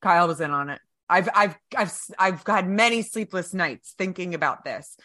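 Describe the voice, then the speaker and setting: Bright-voiced woman podcast guest. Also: lowish voice, normal speed. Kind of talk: casual chat.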